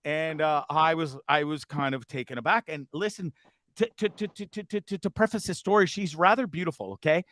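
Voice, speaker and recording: A man hosting a casual online show, telling a bar story with animated, laughing, bro-ish banter. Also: a little high, a little fast, no echo. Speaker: host.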